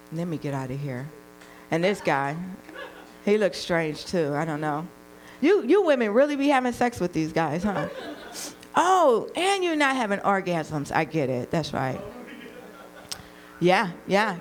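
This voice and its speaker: A woman's voice: on the low side, low-quality recording. A woman in her fifties doing a stand-up roast, brash and teasing, who laughs at her own jokes. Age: 50s. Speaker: comedian roasting guests.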